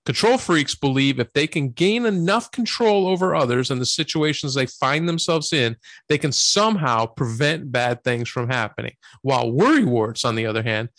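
Male podcast co-host, mid-pitched, steady reader, dry close sound. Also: no room sound. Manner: steady reading voice, brief affirmations. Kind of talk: reading scripture and notes on a podcast.

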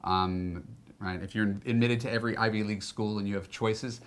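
A man's voice: fairly low pitch, fairly even intonation, brisk, a little hiss or hum. A man hosting a dating podcast, who sounds upbeat and enthusiastic as he introduces his guest and the segments. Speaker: podcast host, dating coach. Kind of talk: podcast interview and show intro.

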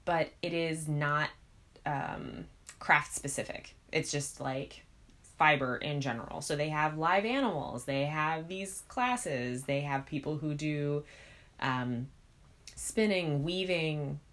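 A woman with a notably low voice for a woman, chatting casually as a podcast co-host. She speaks in a measured way, working through her thoughts aloud with frequent pauses. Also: a bit bright. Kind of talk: casual chat.

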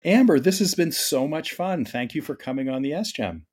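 A man's voice: on the high side, expressive, moderate pace, darkish tone, husky. A middle-aged man from Canada hosting a medical podcast, chatty and enthusiastic, often restarting his sentences. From Ontario, Canada. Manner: chatty, enthusiastic, self-correcting. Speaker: podcast host. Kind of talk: casual medical podcast chat.

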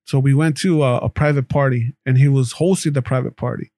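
A man's voice: medium pitch, steady tone, brisk, mellow, no echo. A man, a guest on a podcast, telling stories in a profane, slang-heavy casual chat.

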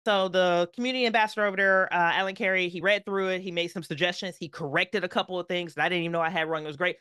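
A woman guest on a podcast, telling a story in an animated, emphatic way with playful asides. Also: on the low side, racing, clean tone, no echo, studio quality.

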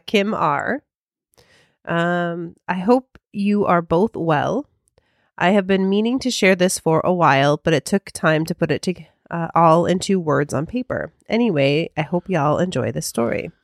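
A woman co-hosting a podcast, chatting casually with plenty of fillers and restarts. Her voice sits on the low side for a woman, and the recording is dry and close. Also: animated, measured pace, no echo. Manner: chatty, filler-heavy, hesitant. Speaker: podcast co-host.

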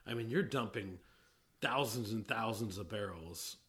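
A middle-aged man co-hosting a casual chat, rambling and often breaking off mid-sentence, quick to laugh. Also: lowish voice, a bit bright. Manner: rambling, self-interrupting, laughs easily. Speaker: podcast co-host, whiskey industry veteran.

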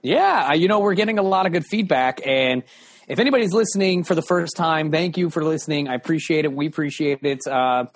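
Guy rambling on his podcast, kinda high voice, swears a lot, laughs at himself. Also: animated, fairly quick. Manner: loose, profane, laughing. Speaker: podcast host, former radio DJ. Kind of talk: casual storytelling chat.

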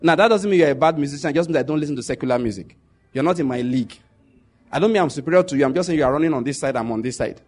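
A middle-aged Nigerian man with a Nigerian accent tells stories in a relaxed monologue, his fairly high voice racing along. He's animated and laughs as he slips into quoted pidgin.

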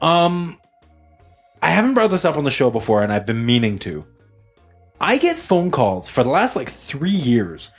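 A man hosting a podcast, telling a rambling story in an animated, joking way. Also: a little high, normal speed, slightly rough, faint music behind. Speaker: podcast host. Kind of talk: casual chat.

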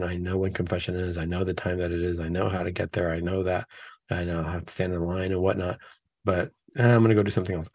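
In casual conversation, a man hosting a Catholic talk show acts out imagined excuses in a raised voice and builds his points through repeated questions. His voice is low, husky and darkish with vocal fry, he talks fast, and there's no room sound.

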